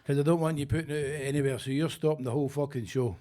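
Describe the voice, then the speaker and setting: An older Scottish man doing stand-up as the headliner, gruff and sweary, bossing the crowd around. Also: fairly high pitch, fairly even intonation, fast, dark tone. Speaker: headline comedian. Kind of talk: stand-up comedy. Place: basement comedy club.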